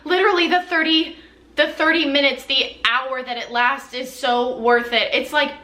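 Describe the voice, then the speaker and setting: A woman's voice: high-pitched, steady tone, normal speed, bright, forceful tone, reverberant. A young woman reviewing perfumes in a casual, effusive and playful way, with dramatic gushing. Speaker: beauty vlogger.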